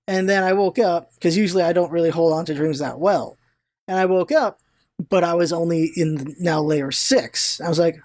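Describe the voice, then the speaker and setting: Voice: medium pitch, moderate pace, dry recording. Chatty vlogger rambling on, swears a bit, trips over words, dead dry room. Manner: animated storyteller, swears, retells own thoughts aloud; restarts and stammers when excited. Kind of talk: casual rambling vlog chat.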